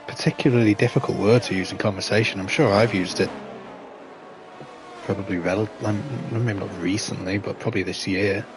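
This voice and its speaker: A man's voice: lowish voice, fairly even intonation, a little fast, a little hiss or hum. A man, casually commentating a sim race and chatting with a rambling, dry sense of humour.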